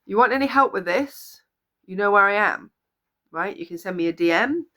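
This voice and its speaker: Woman life coach, motivational talk to camera, earnest and encouraging, medium pitch, repeats lines for emphasis. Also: lively intonation, normal speed, pushed and bright. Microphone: camera or phone video.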